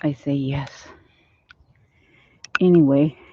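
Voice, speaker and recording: A woman's voice: very deep voice, steady tone, takes it slowly, slight background noise. An older woman vlogging in a casual, rambling way from her home and yard, laughing easily as she chats. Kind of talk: casual chat. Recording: dull lo-fi phone audio.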